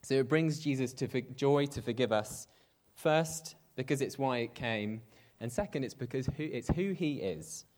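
A man's voice: medium pitch, lively intonation, normal speed, a little mellow. Conversational man preaching a sermon. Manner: conversational, self-deprecating asides.

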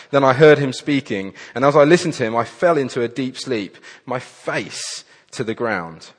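Earnest male preacher in a reverberant hall. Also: mid-range voice. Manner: earnest, animated, with frequent restarts and asides. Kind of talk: sermon with scripture reading.

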